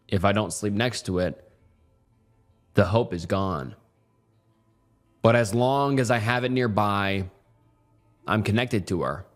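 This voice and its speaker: A man narrating a horror story in the first person with measured, somber delivery. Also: fairly low pitch, fairly bright tone.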